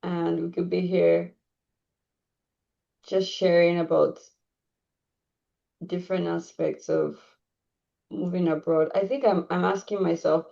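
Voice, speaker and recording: Brief: woman podcast host, low and gravelly, reflective questions, dull lo-fi sound. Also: fairly even intonation, takes it slowly, pauses often, mellow. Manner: reflective, asks long questions. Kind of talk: casual interview. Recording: dull lo-fi recording.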